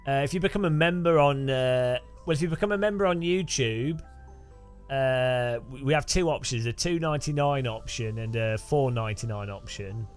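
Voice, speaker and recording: A man's voice: mid-range voice, normal speed, clear, resonant tone, soft background music. A man casually chatting on a live stream, rambling with dry joking asides.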